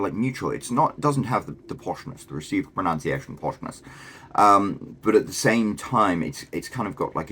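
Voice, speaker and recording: This enthusiastic video host is a man from Britain whose very deep voice sounds a bit bright and slightly rough. He speaks with a posh southern English accent and delivers casual talking-head commentary.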